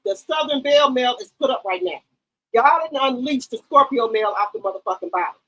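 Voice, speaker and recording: Loud, profane woman gossip host. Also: high voice, poor audio. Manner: loud, profane, emphatic hype; talks straight to her chat viewers. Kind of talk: casual reality-TV commentary.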